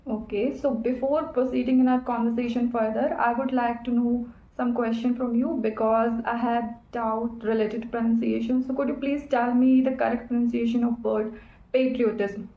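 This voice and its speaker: A woman's voice: a little high, level tone, moderate pace, warm tone, echoey room, low-quality recording. A woman practicing English in a casual chat, talking carefully and hesitantly. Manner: careful, hesitant, many fillers.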